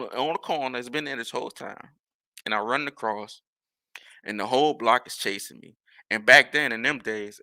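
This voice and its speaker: A man's voice: mid-range voice, pushed and bright, dry recording. A man, a podcast host telling a rambling, profane story in casual talk. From New Orleans.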